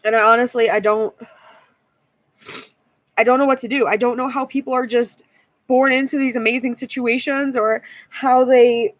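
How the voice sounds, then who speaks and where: A woman's voice: a little high, dry recording. A woman in her twenties venting in a tired, frustrated vlog rant, often repeating herself. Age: 20s. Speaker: YouTuber.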